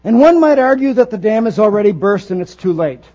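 A male pastor preaches a sermon, earnest and emphatic, building his phrases as he goes. His voice sits high and sounds mellow, very animated and a little fast. The recording is dull and lo-fi, with faint mains hum.

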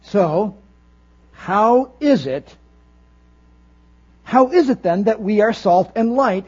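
A man preaching a sermon, earnest and emphatic, building his phrases as he goes. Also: high-pitched. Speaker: pastor. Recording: dull lo-fi recording with faint mains hum.

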